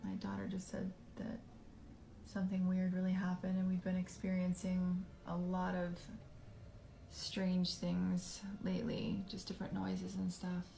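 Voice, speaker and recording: A mother speaks casually to camera in a hesitant, calm way. Her low voice stays flat and creaky with a dark tone. The room echoes around her. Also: a little slow, a little hiss or hum. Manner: hesitant, calm talk with fillers. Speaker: mother filming a social video.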